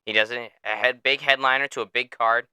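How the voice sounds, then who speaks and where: A man hosting a casual sports podcast, his voice very bright and clean against a dry, close recording. He recounts fights with animated energy, tosses in curse words and laughs easily. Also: mid-range voice, fairly quick, smooth, dry recording. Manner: animated storytelling, swears freely and laughs often. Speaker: podcast host.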